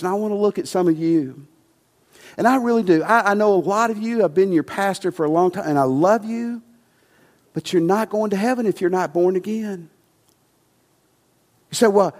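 Male pastor, sermon delivery, emphatic, a little high voice, reverberant sanctuary. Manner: emphatic, rising to passionate preaching then dropping soft. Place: church sanctuary.

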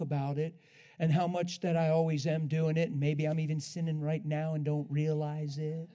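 A man with a slightly high voice preaches an animated sermon, laughing often. He swings between loud, drawn-out lines and hushed ones.

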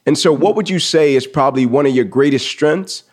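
A man's voice: mid-range voice, fairly quick, a little mellow, breathy edge. A man hosting a podcast interview, enthusiastic and affirming, with frequent "right?" and "like" in his speech. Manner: enthusiastic, affirming, peppered with 'right?' and 'like'. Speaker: podcast host. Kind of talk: casual interview conversation.

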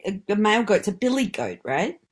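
A woman co-hosting a laid-back podcast, her voice slightly husky and breathy. Her pitch swings up and down as she talks. She giggles a lot and reads sayings aloud with playful relish. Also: sing-song, brisk. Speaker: podcast co-host. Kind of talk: casual chat.

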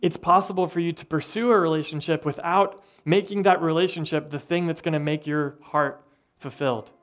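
A man preaching a sermon with earnest, conversational delivery and thoughtful pauses. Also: a little high, steady tone. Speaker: pastor.

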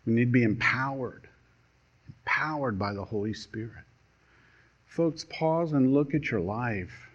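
A male pastor delivers a sermon in a storytelling way, with dramatic pauses. His pitch rises and falls a great deal as he preaches. The recording is dull and lo-fi. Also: lively intonation, husky.

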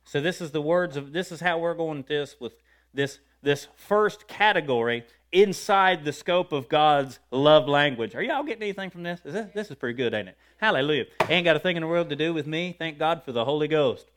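A man preaching a sermon, talking to his congregation, asking them questions and breaking into loud shouts of praise. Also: on the high side, animated, normal speed.

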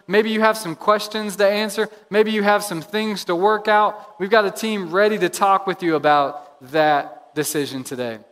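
High-voiced man preaching in a hall. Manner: energetic, repeats phrases for emphasis. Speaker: pastor. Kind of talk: sermon. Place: church sanctuary. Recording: long reverb of a large hall.

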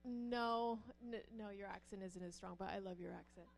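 A woman's voice: normal speed, vocal fry, slight background noise. A middle-aged pastor's wife telling personal stories to a church audience, acting out the voices in her stories. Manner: animated, acts out quoted voices with rising pitch.

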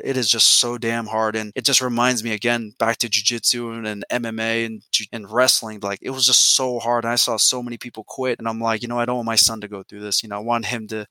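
A man in his thirties speaks as a guest in an easygoing conversation, earnest and reflective, often pausing on fillers. His voice is bright and smooth, and the sound is dry and close. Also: medium pitch, no room sound. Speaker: podcast guest. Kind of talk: casual conversation.

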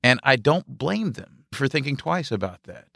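A man hosting a podcast, chatting in a relaxed, wry and affirming way. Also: mid-range voice, moderate pace, vocal fry, dry recording, studio quality. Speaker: podcast host. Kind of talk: conversational podcast talk.

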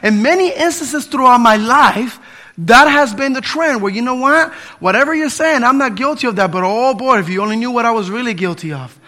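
A man in his fifties preaching a sermon as pastor, impassioned, swinging between loud appeals and hushed pleading. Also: extremely high pitch, expressive, a little fast.

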